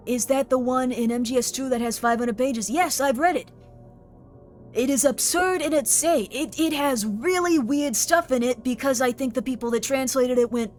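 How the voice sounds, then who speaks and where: A woman streamer chatting excitedly with her viewers and reading their messages aloud. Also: sits high. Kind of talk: live stream chat.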